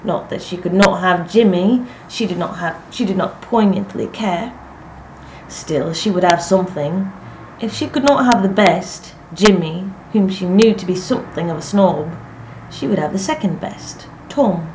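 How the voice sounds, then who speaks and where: A woman narrating a literary story aloud in a measured, expressive reading. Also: fairly low pitch. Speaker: audiobook narrator. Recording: echoey room, faint noise.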